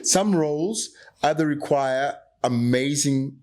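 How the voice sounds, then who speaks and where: A man's voice: medium pitch, animated, moderate pace. Passionate South African man, emphatic. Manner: passionate, emphatic, argues with rhetorical questions. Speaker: actor, podcast guest. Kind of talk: candid podcast conversation.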